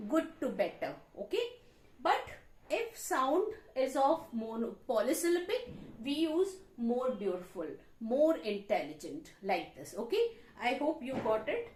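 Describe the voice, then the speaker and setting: A woman English teacher with an Indian English accent, explaining grammar slowly at a board and repeating her examples. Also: high voice, a little mellow, reverberant, slight background noise. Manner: explains slowly, repeats examples, frequent "you know" and "okay". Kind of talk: classroom grammar lesson. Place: classroom with a board.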